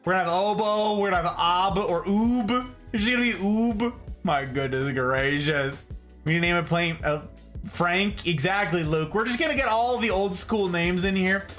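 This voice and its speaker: A man's voice: sits high, normal speed, soft background music. A man hosting a casual livestream, chatting animatedly about houseplants and reading out viewer comments. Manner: animated, chatty, reads chat aloud. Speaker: livestream host. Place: indoor room full of plants.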